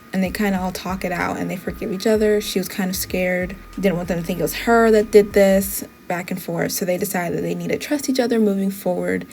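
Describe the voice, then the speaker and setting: A woman's voice: fairly low pitch, vocal fry, a little mellow, slight background noise. A woman casually recapping the plot of a TV show in a chatty way, with frequent "like" asides. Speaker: TV show reviewer.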